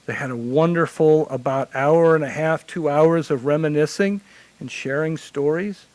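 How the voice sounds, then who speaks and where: Lively storytelling man chaplain, dry sound. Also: a little high, normal speed, dry recording, rough recording. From Illinois. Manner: animated anecdotal storytelling. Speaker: hospital chaplain. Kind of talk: conference panel storytelling.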